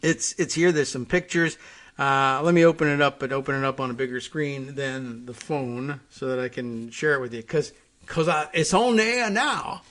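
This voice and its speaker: A man's voice: medium pitch, steady tone, normal speed, a bit bright. A man hosting a talk show, casually reading on air and riffing in a wry, rambling way, often chuckling. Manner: rambling, wry, chuckling, many fillers and restarts.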